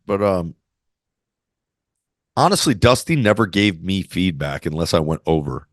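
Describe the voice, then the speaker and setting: A man's voice: low-pitched, sing-song, measured pace, long pauses, no echo, clean studio sound. A man telling stories as an interview guest in a brash, swaggering, profane way. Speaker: interview guest, former wrestler. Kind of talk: casual storytelling interview.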